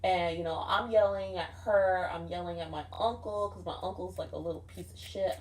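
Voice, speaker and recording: A young woman speaks in a fairly low voice with fairly even intonation and a moderate pace, recounting a dream on her vlog. She drifts from point to point, swears a lot and keeps saying "like."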